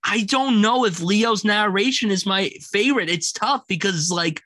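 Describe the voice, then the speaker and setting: Bright-voiced young man gushing about a film. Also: high-pitched, normal speed, no room sound. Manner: enthusiastic, quotes lines in loud put-on voices. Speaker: film podcast co-host. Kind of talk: casual film review chat.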